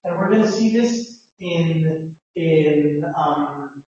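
Male lecturer with a high voice, halting and explanatory, recorded from far off in a roomy hall. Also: darkish tone. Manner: halting, explanatory, many restarts. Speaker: phonetics lecturer. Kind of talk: classroom lecture. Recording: echoey lecture hall, distant dull mic.

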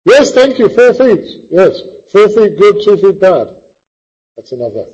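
Husky teasing male teacher. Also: high-pitched, very animated, measured pace, a little mellow, lo-fi sound. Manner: teasing, theatrical, impatient questioning. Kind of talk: classroom lecture on poetry.

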